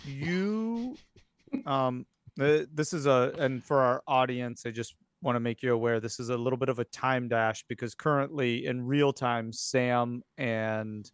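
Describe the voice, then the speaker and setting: Smooth-voiced man running a horror game. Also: mid-range voice, measured pace, no echo, studio quality. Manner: hesitant, many fillers and restarts. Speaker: game master. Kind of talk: narrating a tabletop game.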